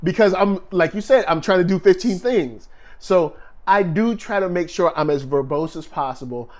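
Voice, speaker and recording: A man co-hosting a casual relationship talk show with his wife, laid-back and quick to laugh, reading viewer comments aloud. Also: high voice. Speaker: podcast co-host. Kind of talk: casual chat.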